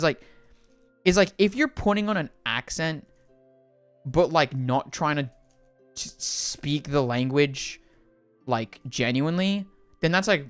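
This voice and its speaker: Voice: medium pitch, smooth, no room sound. A livestreamer chatting casually while playing a game, rambling with many fillers and restarts. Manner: rambling, filler-heavy, animated.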